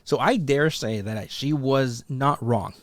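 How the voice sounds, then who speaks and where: A man's voice: slow pace, dry recording. A man hosting a casual commentary vlog, rambling with many fillers and restarts, and talking straight at his followers with a challenging edge. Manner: rambling and loose, full of fillers and restarts, pitch rising on emphatic points; talks directly to his followers, challenging them. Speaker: commentary channel host.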